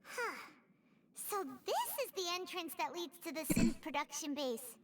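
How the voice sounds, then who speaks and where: A woman voicing a tiny floating fairy companion in a video game, in a high, squeaky, bouncy voice. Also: very animated, a little slow, a little hiss or hum, exaggerated voice. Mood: chirpy. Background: game music.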